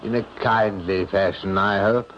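An actor playing a smooth, scheming uncle in an old-time radio drama, with an oily, polite manner. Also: male voice, fairly low pitch, steady tone, unhurried, fairly bright tone. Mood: suave. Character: smooth scheming middle-aged uncle, villain. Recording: dull old radio recording with noise.

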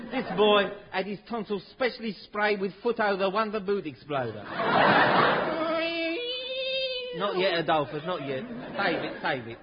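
A man's voice: fairly high pitch, highs cut off, heavy background noise, natural voice. An actor playing a pushy showbiz promoter in a 1950s radio comedy, with brash salesman patter and mangled words. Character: pushy fast-talking showbiz promoter man. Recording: old radio recording with loud audience laughter.

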